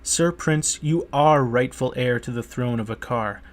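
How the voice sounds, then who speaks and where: A man's voice: medium pitch, unhurried, natural voice. A man reading a pleading merchant. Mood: pressing. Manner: pleading, persuasive. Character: earnest male merchant urging a prince to claim a throne. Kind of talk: audiobook character reading.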